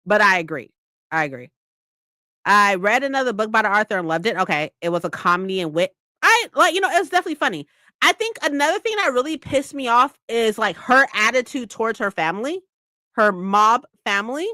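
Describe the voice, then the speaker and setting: Animated, foul-mouthed woman ranting. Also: on the high side, a little fast, dry recording, clean studio sound. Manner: laughs often. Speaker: book club streamer. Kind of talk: casual live-stream book chat.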